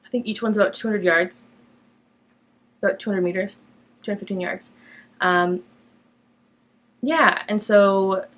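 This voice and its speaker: A young woman from Canada hosting a knitting podcast, chatting casually and rambling with lots of fillers. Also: medium pitch. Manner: chatty and rambling, many fillers, bright lifts when quoting herself. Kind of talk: casual chat to camera.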